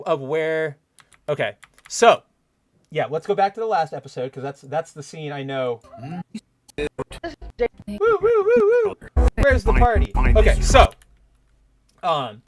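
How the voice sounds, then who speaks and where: A man hosting a casual review show, animated and profane, acting out scenes in mock voices. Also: a little high. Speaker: podcast host.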